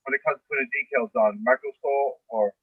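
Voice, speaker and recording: A man with a raspy voice asking hesitant questions in a group chat, heard over a phone line. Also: mid-range voice, a little fast, dry recording.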